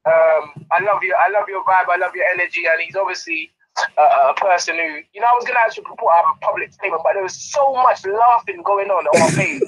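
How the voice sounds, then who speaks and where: A man, a boxing trainer chatting in an interview, animated and often laughing as he tells a story. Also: high voice, quick pace, dull audio. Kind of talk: casual interview chat.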